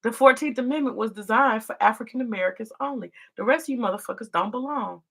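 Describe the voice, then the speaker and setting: A man's voice: extremely high pitch, fast talker, gravelly, a bit bright, full character voice. A woman putting on the voice of a blunt, profane older man making a TV announcement. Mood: emphatic.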